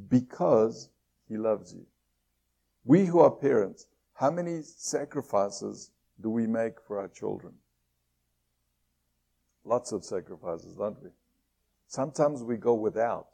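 A man preaching a sermon as a pastor. He reads scripture aloud, asks his listeners many rhetorical questions and slows down to stress key phrases. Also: on the low side, vocal fry, dark tone, husky.

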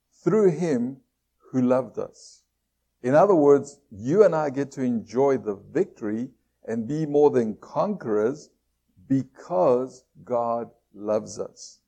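A pastor delivers a sermon in a slow, unhurried way, his voice gravelly and a little husky. His tone is dark and mellow rather than bright. He keeps asking his listeners questions and slows right down on key phrases. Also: medium pitch. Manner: asks the congregation many rhetorical questions; reads scripture aloud.

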